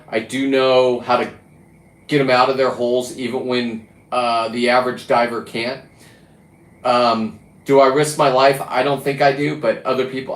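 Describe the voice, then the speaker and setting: A man talking in a casual, rambling monologue about diving and fishing, blunt and profane, often restarting his sentences. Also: mid-range voice. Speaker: diver and fishing vlogger. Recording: roomy echo.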